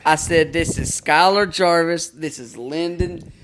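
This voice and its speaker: A man hosting a podcast, slow and laid-back, swearing in casual banter. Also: a little high, a bit bright, slight background noise. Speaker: podcast host.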